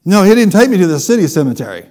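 Male pastor, slightly high voice, animated comic storyteller in the pulpit. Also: very fast. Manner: storytelling with humor, lively and animated. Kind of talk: sermon.

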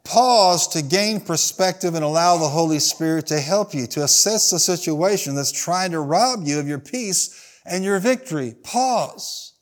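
A man's voice: sits high, unhurried. A pastor preaching a sermon in a church. He asks the congregation to answer back and acts out the people in his stories. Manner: preaching with call-and-response to the congregation.

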